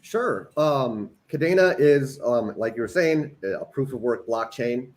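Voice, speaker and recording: A man's voice: medium pitch, lively intonation, a little slow. Easygoing man explaining his project. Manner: easygoing, explains with many ums. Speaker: engineering director and panel guest. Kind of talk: casual pitch on a panel.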